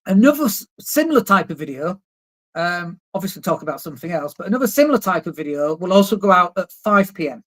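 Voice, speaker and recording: A man's voice: sits high, sing-song, quick pace, a bit bright. A man and marketing coach, talking casually on a livestream. He is blunt and emphatic and swears now and then. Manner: blunt, emphatic, swears casually, mocks objections in put-on voices. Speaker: marketing coach and live streamer. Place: indoors at a computer, living in Spain.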